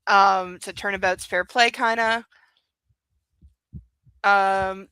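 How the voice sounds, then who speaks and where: Bright-voiced chatty woman, dry close sound. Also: medium pitch, steady tone, slow, pauses often, clear, resonant tone, no echo, poor audio. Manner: chatty, full of ums and likes. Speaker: book club host. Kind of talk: casual book discussion.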